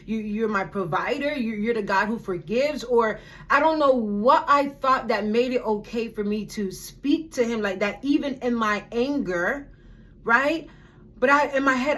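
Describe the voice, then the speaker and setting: A woman's voice: on the high side, fairly bright tone. An earnest woman in her thirties hosts her own self-care podcast, talking through a personal story in a loose, conversational way. She circles back and repeats words as she searches for the next thought, keeping it candid and heartfelt. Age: 30s. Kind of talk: casual spoken reflection.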